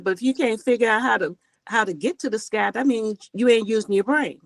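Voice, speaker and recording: A woman's voice: a little high, a little fast, no room sound, poor audio. A woman guest on a podcast, chatting casually and plainly, dropping folksy sayings. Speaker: podcast guest, holistic practitioner. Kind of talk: casual chat.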